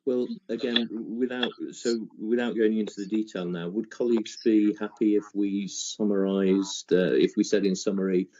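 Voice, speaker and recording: A man with a very low voice chairs a committee meeting, thanking contributors and checking for agreement in a measured, inclusive way. The audio is dull and muffled, with a faint hiss underneath. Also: steady tone, darkish tone.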